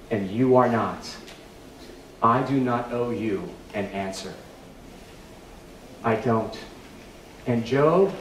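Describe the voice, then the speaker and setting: A man's voice: mid-range voice, slight background noise, lightly acted. A man voicing God as a commanding, questioning presence, pressing the same question over and over. It sounds like an echoey church hall heard from some distance. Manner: repeated rhetorical questions. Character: God answering Job, vast and commanding.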